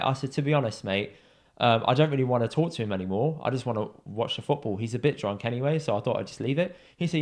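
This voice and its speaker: A young man from in England, co-hosting a podcast, telling a pub story in a casual chat and acting out the people he quotes. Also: fast. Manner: animated storyteller, acts out quoted voices with big pitch jumps. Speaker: podcast co-host.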